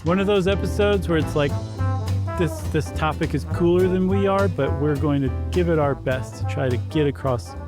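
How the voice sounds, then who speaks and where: A man's voice: a little high, normal speed, over music. A middle-aged man co-hosting a podcast in casual, jokey banter on a studio mic. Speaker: podcast co-host. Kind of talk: casual chat.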